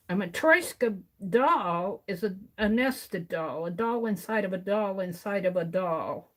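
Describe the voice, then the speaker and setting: Slow-talking older woman crafting on stream. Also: medium pitch. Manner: unhurried, talks to herself while working, counts items aloud. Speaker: art livestream host. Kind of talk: casual crafting livestream chat.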